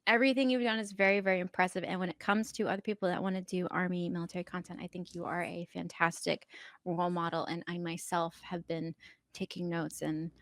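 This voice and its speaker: A woman's voice: lowish voice, little pitch movement, quick pace, a bit bright, no room sound. A woman hosting a podcast in a shy, giggly, earnest casual chat over a video call. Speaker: podcast host.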